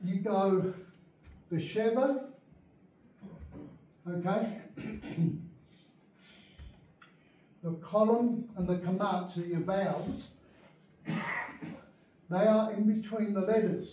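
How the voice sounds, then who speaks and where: A man's voice: high-pitched, very slow, pauses often, warm tone. A man teaching an adult Bible class, emphatic and often checking that his listeners follow along. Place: church meeting room. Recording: very echoey room, speaker far from mic.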